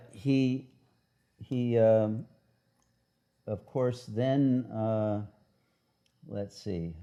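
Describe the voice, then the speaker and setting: Slow, halting male spiritual teacher. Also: on the low side, vocal fry, a little mellow. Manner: halting, with many filler pauses. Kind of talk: retreat teaching.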